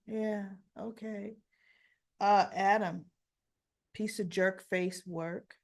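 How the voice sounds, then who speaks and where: A woman's voice: medium pitch, very slow, gravelly. Opinionated woman recapping a soap. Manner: opinionated, animated storytelling; acts out characters' dialogue. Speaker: soap opera recap host. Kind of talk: casual spoken recap.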